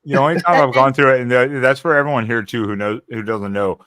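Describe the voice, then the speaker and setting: A man's voice: mid-range voice, quick pace, fairly bright tone, dry recording. A man co-hosting a casual livestream hangout, rambling and restarting as he explains things at length. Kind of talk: casual chat.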